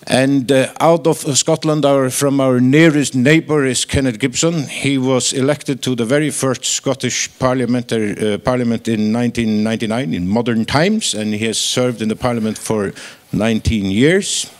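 A man moderating a conference, introducing the next speaker in plain, slightly halting English. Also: mid-range voice.

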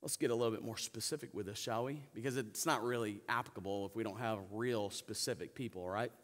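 A male pastor preaching a sermon, calling on the congregation to answer back and shifting between loud emphatic peaks and soft low asides. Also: fast, in a large hall. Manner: preaches with call-and-response to the congregation. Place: church sanctuary.

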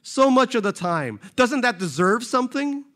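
A man's voice: very high voice, very animated, normal speed, fairly bright tone, pitched above the performer's own voice, full character voice. A man reading aloud, voicing a self-pitying wealthy male fund manager who whines, pleads and takes offense. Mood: whiny. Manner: whiny, pleading, indignant.

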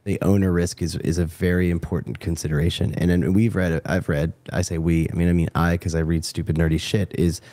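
A man's voice: low-pitched, flat delivery, fairly quick, hardly any pauses, mellow. A man hosting a podcast in a rambling, profane and self-deprecating way. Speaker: podcast host. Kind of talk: casual podcast chat.

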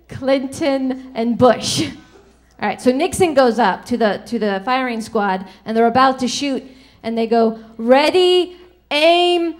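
Giggly high-voiced woman comedian. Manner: giggly, telling a joke with acted voices. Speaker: stand-up comedian. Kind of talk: stand-up set.

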